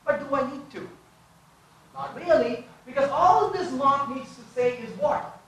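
A man's voice: extremely high pitch, unhurried. Man lecturing in an echoey hall. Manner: lively, quizzes the audience with rhetorical questions. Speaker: conference speaker. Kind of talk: live technical talk with live coding. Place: large conference hall.

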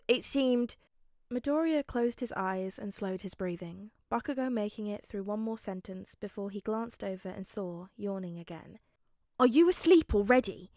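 A woman narrating a fanfic audiobook in a calm, even storytelling manner. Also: medium pitch, no echo, clean studio sound.

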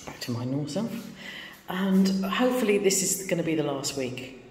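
Brief: wry, chatty woman, a bit tired, handheld vlog in bare rooms with long reverb and steady background noise. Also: fairly low pitch, normal speed. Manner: chatty, wry, self-deprecating. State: a little tired. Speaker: vlogger renovating a bungalow. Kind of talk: casual home renovation vlog. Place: empty bungalow under renovation, indoors.

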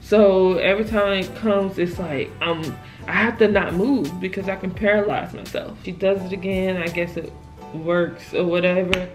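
A woman's voice: on the low side, fairly even intonation, moderate pace, music in the background. A young woman vlogger telling her own story in a casual, emphatic and exasperated way, often dropping "child" as an aside.

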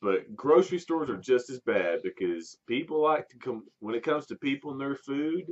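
A man's voice: mid-range voice, animated, moderate pace. A man casually telling a story to a friend, laughing often and restarting his sentences. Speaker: podcast co-host telling a story. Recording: dull lo-fi sound.

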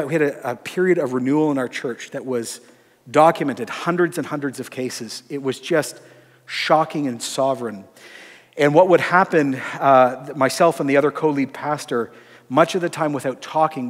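A man, a pastor, teaching in a conversational sermon style, acting out dialogue from his stories and often dropping to a soft voice. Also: medium pitch, normal speed, long reverb tail. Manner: conversational, acts out dialogue, drops to soft tones. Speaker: pastor and lecturer.

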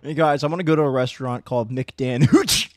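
A man's voice: medium pitch, quick pace, darkish tone, no echo. A man streaming a game, chatting casually with a rambling, joking manner and frequent stammered restarts.

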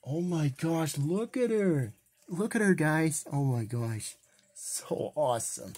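A man's voice: a little high, expressive, takes it slowly, a little mellow, slightly rough, no room sound, exaggerated voice. A man voicing Big the Cat, an eager cartoon cat. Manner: eager, exclaiming. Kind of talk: toy-figure fan play.

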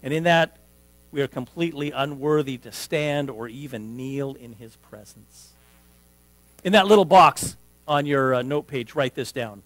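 A man preaching a sermon as pastor, emphatic on key words and trailing off softly at phrase ends, often restating himself as he teaches. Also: mid-range voice, a little slow, no echo, rough recording. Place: church sanctuary. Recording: dry sound with mains hum.

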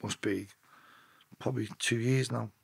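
A man with a thick Scouse accent tells his stories bluntly and swears constantly. His voice is husky and sits in a middle register. The recording is close and dry. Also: mid-range voice, steady tone, a little slow, no room sound. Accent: Liverpool (Scouse). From Liverpool, England. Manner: blunt, heavy swearing, restarts mid-sentence. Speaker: podcast guest. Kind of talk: casual storytelling.

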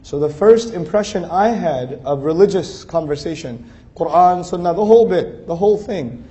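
A man's voice: a little high, expressive, normal speed, warm tone. A man giving a conversational religious lecture, earnest and building his points through emphatic repeated lists. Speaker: speaker giving an Islamic talk.

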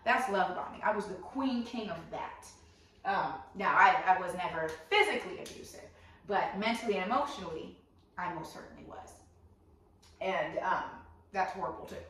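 A woman's voice: on the low side, lively intonation, normal speed, a bit bright, slight background noise. A woman hosting a casual advice talk, blunt, outspoken and profane. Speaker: host giving life advice. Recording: very echoey room, voice far from mic.

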